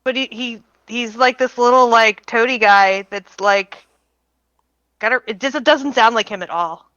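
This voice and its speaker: Bright-toned woman on a dull lo-fi mic. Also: on the high side, a little slow, no echo. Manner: offhand, wry remarks. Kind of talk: casual chat.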